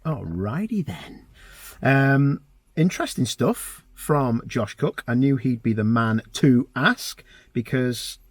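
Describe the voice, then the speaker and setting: A man's voice: medium pitch, no room sound. A man hosting a casual motorsport chat show, chatty and enthusiastic, calling his guests mate. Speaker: host.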